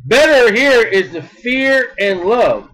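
A man preaching a sermon in an emphatic style, repeating words and swinging between loud bursts and soft asides. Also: very high-pitched, sing-song, slow pace, poor audio.

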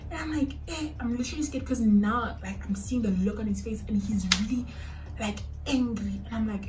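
A woman's voice: on the high side, a little fast, distant mic, low-quality recording. A woman in her twenties with a South African accent, telling a personal story casually, switching languages and acting out what people said. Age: 20s. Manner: animated, acts out quotes. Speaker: storytime vlogger. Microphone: phone camera.

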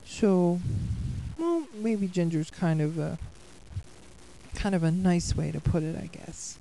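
Woman playing a laid-back male cartoon cat, slow and rambling, lowered voice. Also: gravelly, warm tone, slight background noise, rough recording. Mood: easygoing. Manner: rambling, halting, chuckling. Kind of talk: fan-made cartoon voice acting.

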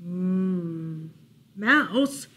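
A grumpy, easily annoyed male bear from a bedtime picture book, voiced by a woman reading aloud. He speaks gruffly and sounds exasperated. He is sleepy and wants quiet. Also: mid-range voice, unhurried, a little hiss or hum, close to an everyday voice. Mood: nervous.

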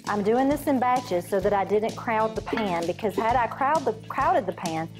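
A woman's voice: on the high side, animated, normal speed. A woman guest cook explaining a stew recipe step by step with enthusiasm. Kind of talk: cooking demonstration. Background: music.

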